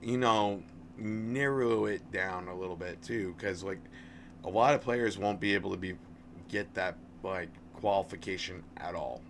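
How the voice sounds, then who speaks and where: A man's voice: sits low, measured pace, a little hiss or hum. A man in his thirties chatting casually on a live stream about a game, friendly and rambling, often restarting his words. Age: 30s. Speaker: game livestreamer.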